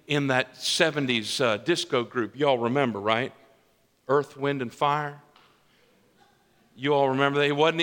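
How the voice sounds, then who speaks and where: Bright-voiced preacher in a reverberant church. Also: male voice, a little high. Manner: conversational preaching with repeated restarts and "right?" tag questions. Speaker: pastor. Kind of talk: sermon. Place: church sanctuary.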